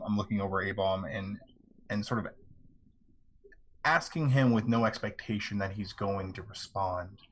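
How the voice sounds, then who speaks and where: Player, low voice, thinks aloud with frequent restarts. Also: male voice, a bit bright, slight background noise, low-quality recording. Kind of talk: describing his character's actions in a tabletop game.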